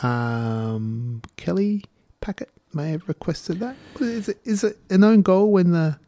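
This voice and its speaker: A man's voice: high voice, expressive, a little slow, mellow, no room sound. A man in his fifties hosting community radio, chatting casually between songs and rambling through stories with self-mocking humor. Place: radio studio.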